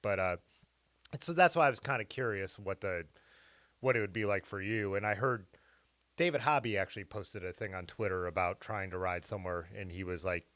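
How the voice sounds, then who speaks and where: A man hosting a casual live stream conversation. He has a low voice and wanders through long questions in a loose, conversational way. The recording is dry and close, with no room echo. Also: a little fast, fairly bright tone. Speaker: host. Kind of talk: casual chat.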